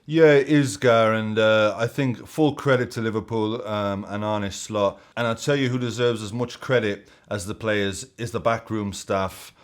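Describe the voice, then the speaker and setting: A man's voice: fairly low pitch, fairly even intonation, normal speed, hardly any pauses, smooth, close to an everyday voice. A man doing a chatty, praising male TV pundit. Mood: admiring. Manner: hesitant with fillers, full of praise.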